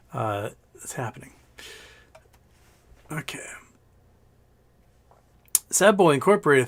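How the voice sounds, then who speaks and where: A man's voice: fairly high pitch, a bit bright. A man hosting a casual livestream with a slightly scratchy throat, rambling and joking as he reads out viewer questions. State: scratchy throat after illness. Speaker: livestream host.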